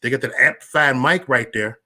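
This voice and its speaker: A man ranting on a casual livestream, loud and profane, stammering and restarting, talking straight to viewers by name. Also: mid-range voice, a little fast. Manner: chats directly with viewers by name. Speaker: livestream vlogger.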